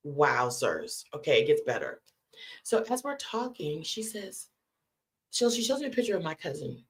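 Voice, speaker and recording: A woman's voice: medium pitch, big pitch swings, moderate pace. A woman from California hosting a late-night live stream, telling a story in a conversational way and calling her listeners "y'all". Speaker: host.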